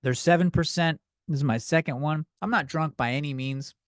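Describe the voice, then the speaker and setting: A man's voice: a little high, a little fast, dry recording, clean studio sound. Profane young man ranting on a podcast. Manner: ranting, profane, worked-up and loud at times. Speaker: podcast host. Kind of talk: comedic rant.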